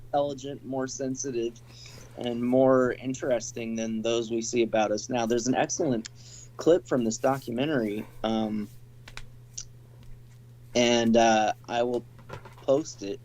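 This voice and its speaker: A man in a casual talk show conversation who cuts in and speaks haltingly. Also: mid-range voice, fairly even intonation, a little mellow, rough recording. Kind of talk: casual chat.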